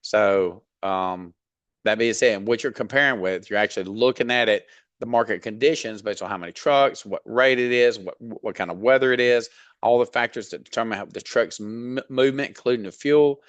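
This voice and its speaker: Low-voiced Southern man teaching bluntly. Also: normal speed, fairly bright tone, dry recording, highs cut off. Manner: blunt, folksy, mild cursing, frequent fillers. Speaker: dispatch trainer. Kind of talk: casual instructional talk.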